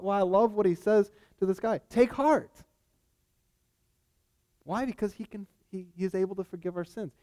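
A man's voice: high voice, a little mellow. A man preaching a sermon in a casual, conversational way, often checking in with his listeners. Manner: conversational, frequent "right?" asides.

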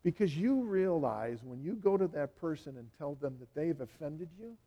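A man's voice: a little high, expressive, normal speed, muffled recording. A male pastor giving a sermon in a conversational way, full of "you know" asides and words repeated for emphasis.

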